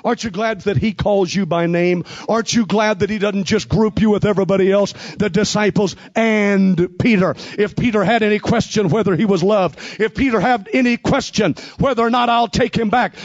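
A man preaching an impassioned revival sermon, with rhythmic repetition and bursts of shouting. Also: sits high, muffled recording.

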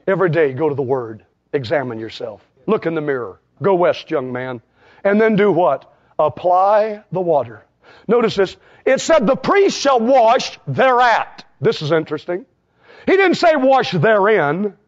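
A male preacher delivering a sermon, quoting scripture and swinging between shouted peaks and low, hushed asides. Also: sing-song, normal speed. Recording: dull lo-fi sound.

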